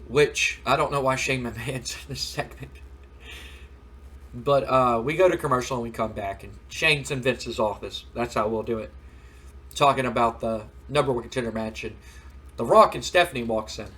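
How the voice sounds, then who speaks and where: A man's voice: mid-range voice, moderate pace, fairly bright tone, breathy edge. A man hosting a gaming video, casually retelling a wrestling storyline with rambling fillers. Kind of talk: casual let's play narration.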